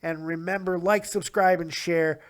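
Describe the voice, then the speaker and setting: Worn out guy ranting on his own show, cussing, kinda high voice. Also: steady tone, normal speed. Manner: frustrated, rambling, swearing. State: tired. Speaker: podcast host. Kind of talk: casual solo commentary.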